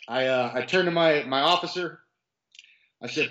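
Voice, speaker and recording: Officer, male, recounting a crisis in an interview; intense, halting repeats, muffled lo-fi audio. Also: fairly high pitch, a bit bright. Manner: intense, repetitive restarts, vivid first-person retelling. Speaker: police officer recounting a shooting response. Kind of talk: interview storytelling.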